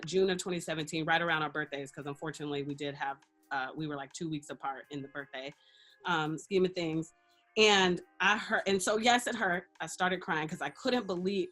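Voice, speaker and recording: A woman guest in a casual interview, telling a personal story candidly and acting out the lines of people in it, often laughing. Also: on the low side. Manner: expressive, laughs often, acts out quoted dialogue. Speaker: interview guest, radio personality and life coach.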